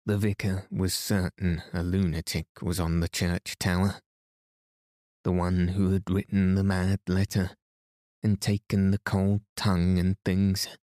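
Slow, deep, dry-voiced man reading bedtime stories. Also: no echo. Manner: calm, even, unhurried. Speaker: bedtime story podcast host.

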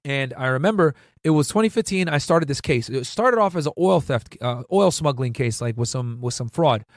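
A man's voice: mid-range voice, animated, normal speed, no room sound. A man in his thirties from Connecticut, a former federal agent telling stories to viewers in a loose, rambling, slangy way. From Connecticut, US Northeast. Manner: slangy and profane, peppered with "bro" and "right?"; rambling, with frequent restarts. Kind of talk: casual storytelling to viewers.

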